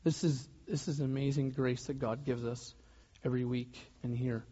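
A man preaching a sermon as pastor, in a loose conversational way with restarts and soft laughs. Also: medium pitch, steady tone, normal speed, breathy edge. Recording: dull lo-fi sound.

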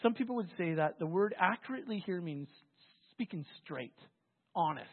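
Husky-voiced pastor telling a bible story, chatty sermon, sounds like a phone line in a big reverby hall. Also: mid-range voice, normal speed. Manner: conversational, animated storytelling with restarts.

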